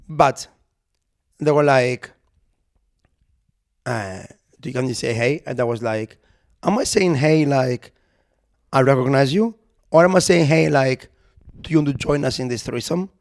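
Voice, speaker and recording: A young man co-hosting a podcast, telling an anecdote in casual chat, animated and acting out the quotes, sometimes swearing. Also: medium pitch, normal speed, gravelly, pauses often. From Europe. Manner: animated storyteller who acts out quotes, swears. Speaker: podcast co-host.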